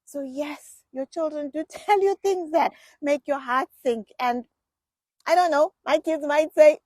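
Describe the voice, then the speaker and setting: A middle-aged woman from England telling personal family stories in a chatty, animated vlog style, often repeating herself. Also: sits high, unhurried, dry recording. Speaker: vlogger. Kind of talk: casual personal storytelling.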